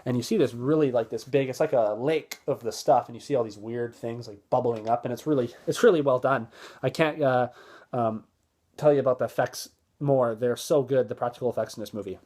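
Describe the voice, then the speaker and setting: A man talks through a film's plot in a loose, rambling way, with a middle-pitched voice. He piles on fillers and restarts and briefly acts out the characters' lines as he goes. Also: brisk, mellow. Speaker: movie reviewer. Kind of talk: casual plot recap.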